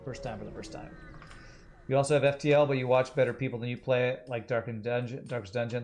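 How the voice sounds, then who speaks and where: A man's voice: mid-range voice, a little fast, pauses often, slight background noise. Jokey male game streamer. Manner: jokey, reads chat aloud. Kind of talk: casual game-stream commentary.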